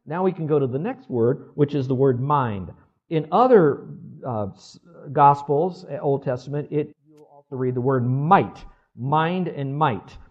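A man's voice: medium pitch, lively intonation, unhurried. Man in his sixties preaching a sermon. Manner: conversational, asks the congregation for responses. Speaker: pastor. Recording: dull lo-fi sermon recording.

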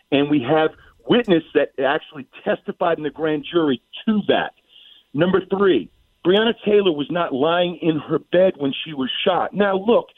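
A man's voice: on the high side, no echo. A man calling in as a guest commentator on a radio talk show, laying out his points in an assertive, methodical way. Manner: assertive, methodical, addresses host by name. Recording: tinny phone-line sound.

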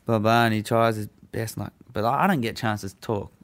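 Swearing man, low voice. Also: a little fast. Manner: profane, laughs often, animated when recounting. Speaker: guest telling a prison story. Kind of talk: casual chat.

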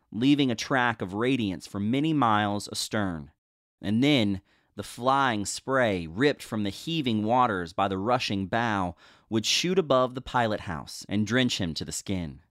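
A male host giving a dramatic reading of an old ghost story in a measured, expressive storytelling manner. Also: mid-range voice, no room sound, clean studio sound.

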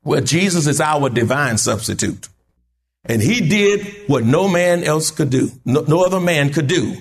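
Animated preacher with a high, lively voice. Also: male voice, a little slow, husky. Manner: call-and-response preaching, rising to shouts. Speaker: pastor. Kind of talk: sermon. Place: church.

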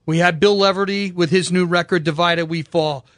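A man's voice: sits high, steady tone, moderate pace, fairly bright tone, no room sound, clean studio sound. A man hosting a radio show, telling stories in an enthusiastic, slangy, casual way.

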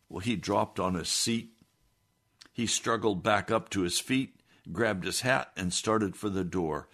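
A man's voice: lowish voice, fairly bright tone. A man reading a first-person story aloud in a plain, earnest way. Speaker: narrator.

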